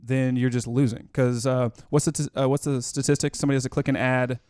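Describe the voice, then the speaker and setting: A man co-hosting a business podcast, explaining ideas in a steady, matter-of-fact way. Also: mid-range voice, quick pace, no room sound, clean studio sound. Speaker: podcast co-host. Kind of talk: casual explanatory talk.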